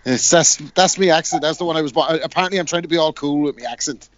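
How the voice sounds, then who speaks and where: A man's voice: a little high, fast, a little hiss or hum. Wexford Irish man, laid-back and profane panelist on a muffled remote call. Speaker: podcast panelist. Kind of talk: casual podcast banter. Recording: muffled online call audio.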